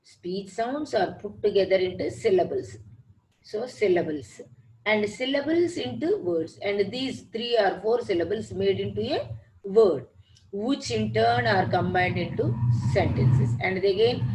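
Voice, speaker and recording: A woman teacher giving a lecture on word stress and syllables, explaining slowly and repeating her points. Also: mid-range voice, lively intonation, a little mellow, slight background noise, low-quality recording. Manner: slow, repetitive explaining. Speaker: English teacher.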